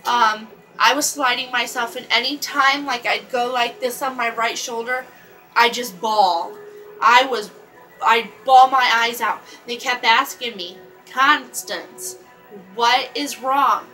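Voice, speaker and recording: A woman talks straight to the camera in a rambling storytime vlog, stopping and restarting her sentences. Her voice sits a bit high and sounds bright and sharp. Soft music plays faintly behind her. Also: fairly even intonation, poor audio. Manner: rambling, halting with many restarts and fillers. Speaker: vlogger.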